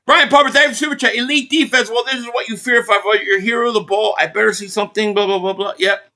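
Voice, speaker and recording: A man from the Philadelphia area hosting a live football reaction stream, calling plays as an excited fan and reading out viewer donations. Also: sits high, fast. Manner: excitable fan commentary, reading out super chats.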